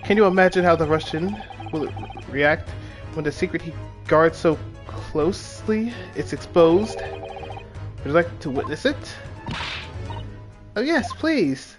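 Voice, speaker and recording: A man's voice: fairly high pitch, a little slow, over music, close to an everyday voice. A man reading aloud as a pompous, eccentric male detective, theatrical and grandiose, stumbling over words now and then. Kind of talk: reading game dialogue aloud.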